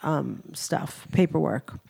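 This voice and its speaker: A woman's voice: low-pitched, takes it slowly, creaky, mellow, husky. A woman co-host chatting at length on a podcast, talking in a loose, rambling way with plenty of enthusiasm. A head cold leaves her voice stuffy and nasal. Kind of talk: casual chat.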